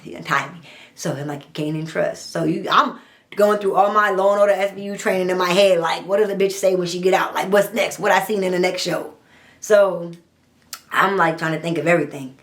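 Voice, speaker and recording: A young adult woman, telling her own story in a blunt, profane, animated storytime monologue. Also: lowish voice. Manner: blunt, profane, animated retelling with quoted dialogue.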